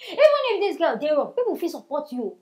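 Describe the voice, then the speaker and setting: A woman's voice: high voice, huge pitch swings, fast, a little mellow. A Nigerian woman hosting a comic celebrity news show, mocking and scolding in gossip commentary.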